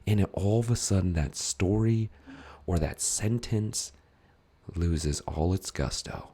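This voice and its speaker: A man hosting a casual podcast chat, talking in an animated way with many restarts. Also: sits low, slow, breathy edge. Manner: animated, many restarts, acts out worried thoughts. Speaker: podcast host.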